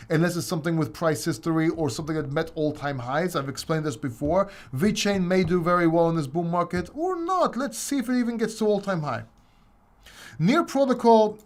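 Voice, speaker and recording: A man hosting a casual crypto livestream, answering viewer questions in a rambling, joking way with plenty of laughter. His voice sits fairly high for a man. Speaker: crypto channel host.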